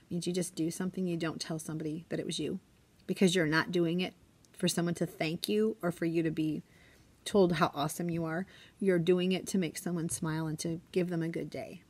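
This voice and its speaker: A woman in her forties, a teacher, chatting casually in a classroom vlog and often dropping to a hushed whisper. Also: lowish voice, steady tone, fairly quick, slightly rough.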